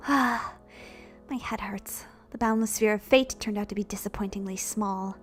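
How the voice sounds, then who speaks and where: Woman doing a weary young woman, low hushed voice, tired manner, soft music behind. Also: brisk, lightly acted. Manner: low, soft, half-whispered and world-weary.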